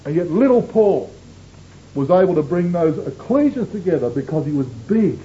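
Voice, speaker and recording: Earnest preacher man, high mellow voice. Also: big pitch swings, normal speed, highs cut off, slight background noise. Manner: earnest, emphatic exhortation. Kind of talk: sermon.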